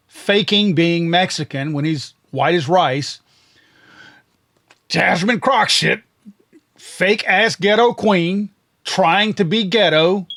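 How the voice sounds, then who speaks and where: A man's voice: a little high, fairly bright tone. Blunt, sarcastic male podcast host. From Louisiana. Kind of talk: political commentary monologue.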